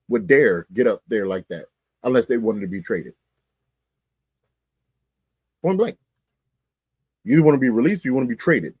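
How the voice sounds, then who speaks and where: A man's voice: mid-range voice, darkish tone, slightly rough, no room sound, lo-fi sound. A man co-hosting a live-streamed sports talk show, talking emphatically in colloquial speech and repeating phrases for effect.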